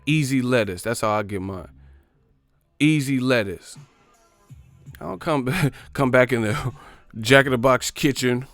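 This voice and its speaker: A man's voice: mid-range voice, unhurried, pauses often, fairly bright tone, dry recording, soft background music. A man hosting a boxing livestream, ranting casually and profanely while driving his car. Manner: profane, rambling, mocking. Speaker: boxing channel host.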